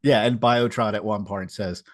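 A man's voice: fairly low pitch, steady tone, moderate pace, dry recording, clean studio sound. A man co-hosting a casual podcast, recapping a comic with wry sarcasm. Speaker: podcast co-host. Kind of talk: casual comic book discussion.

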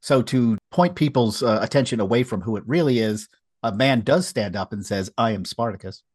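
A man's voice: medium pitch, moderate pace, a little mellow, husky, no echo, studio quality. A man co-hosting a casual podcast, recapping a comic with wry sarcasm. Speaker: podcast co-host. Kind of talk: casual comic book discussion.

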